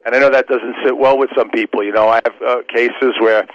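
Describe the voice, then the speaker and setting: A man's voice: mid-range voice, fairly even intonation, brisk, a little hiss or hum. A man who works as a trial lawyer, a guest on a radio interview, explaining his points earnestly in persuasive, lawyerly terms. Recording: dull lo-fi radio sound.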